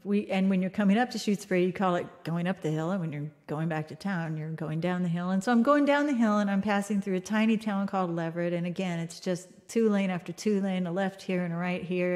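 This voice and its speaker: A woman's voice: lowish voice, steady tone, fairly quick, few pauses, darkish tone. A woman hosting a music livestream, telling a story in casual chat and acting out the voices with laughs.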